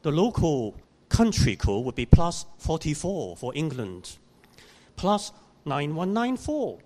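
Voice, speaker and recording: Man giving a sermon, unhurried, pitch rises and falls a lot, storytelling with questions to the congregation. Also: wildly swooping pitch, a little mellow. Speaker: pastor. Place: church.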